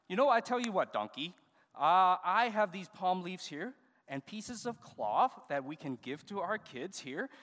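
A man pastor leading a children's service, giving animated, coaxing instructions to the kids. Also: fairly high pitch. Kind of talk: children's sermon with puppet skit. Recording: reverberant church hall.

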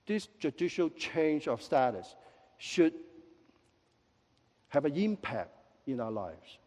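A male pastor preaches with a slightly high, soft and mellow voice. He teases his congregation with jokes and quick apologies. His words ring out with the long reverb of a large church hall. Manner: lively, with joking asides and quick apologies. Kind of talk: sermon. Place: church sanctuary.

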